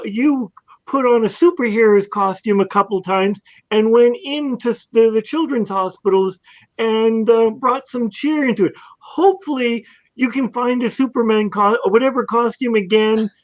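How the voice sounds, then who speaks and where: A woman on a panel, speaking casually and praising a fellow guest. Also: on the high side. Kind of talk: casual chat. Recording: dull, lo-fi sound.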